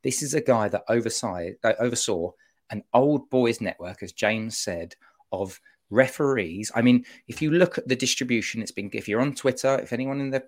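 A man giving an animated, opinionated monologue on a football podcast, often breaking off to mock-quote officials. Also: medium pitch, normal speed. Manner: animated, self-interrupting, mock-quoting officials.

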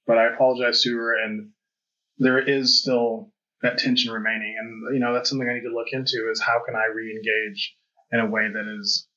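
A man's voice: mid-range voice, level tone, moderate pace, sharp tone. A man hosting a podcast, talking candidly and reflectively, with frequent fillers. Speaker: podcast host. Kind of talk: casual conversation. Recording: dull lo-fi audio.

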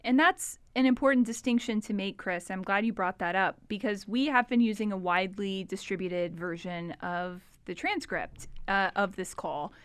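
A woman's voice: mid-range voice, normal speed, hardly any pauses, clear, resonant tone, dry recording. A woman co-hosting a podcast, talking conversationally about a recorded call. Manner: conversational, many fillers and restarts. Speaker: podcast co-host. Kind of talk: casual true crime discussion.

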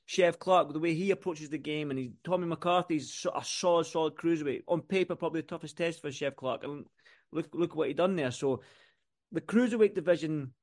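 A man's voice: a little high, fairly quick. A man co-hosting a podcast, chatting about boxing with enthusiasm and lots of repeated words. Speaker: podcast co-host. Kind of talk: casual boxing chat.

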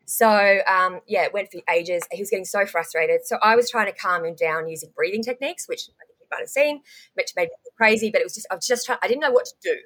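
Fast-talking Australian woman. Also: medium pitch. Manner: animated, rapid recounting with frequent ums and restarts. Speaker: guest. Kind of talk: candid storytelling in conversation.

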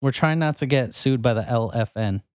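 Young male podcast co-host, easygoing banter, mid-pitched, dry. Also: brisk, no echo. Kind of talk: casual chat.

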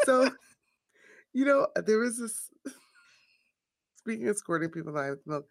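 This woman co-hosts a podcast as a physician and keeps the talk light and playful, laughing through her stories. Her voice carries a gravelly fry. The sound is dry and close, with no room around it. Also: a little high, lively intonation, a little slow, no room sound. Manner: playful, laughs often while talking. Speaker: podcast co-host, internist physician. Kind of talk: casual chat.

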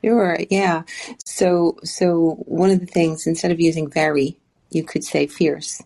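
An Irish woman, an author guest, chatting in an animated storytelling way in an interview. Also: sits low, a little slow. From Ireland. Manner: animated storyteller, frequent restarts. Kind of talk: casual interview chat.

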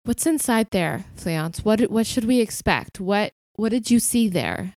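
Brief: woman player in a tabletop game, lively casual talk, dry close sound. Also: mid-range voice, measured pace, no echo.

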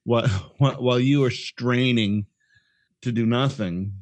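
A man with a middle-pitched voice co-hosts a casual podcast, teasing the others and tripping over his own restarts. His sound is dry and close to the mic. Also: a little slow, a little mellow, no room sound. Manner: jokey, teasing, restarts often. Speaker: podcast co-host. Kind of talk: casual chat.

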